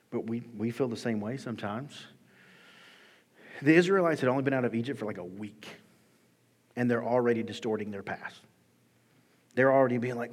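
A man preaching a sermon in a relaxed, conversational way, acting out quoted voices with humor. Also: medium pitch. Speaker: pastor. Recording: long reverb of a large hall.

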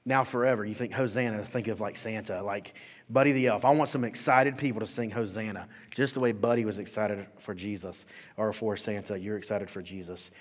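A man preaching a sermon as pastor, in an animated, conversational way, acting out quotes. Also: fairly low pitch, quick pace, slightly rough, long reverb tail.

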